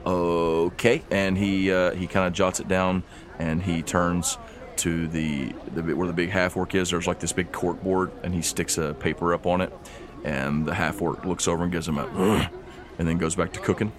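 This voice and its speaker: A man's voice: deep voice, flat delivery, normal speed, crowd noise. A man narrating as game master of a tabletop game, in loose, rambling speech full of fillers.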